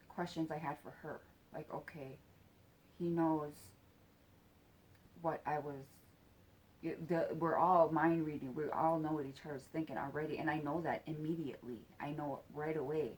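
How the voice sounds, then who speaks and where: A woman telling a personal story in a halting, soft-spoken way, with casual swearing. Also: sits low, fairly even intonation, slight background noise.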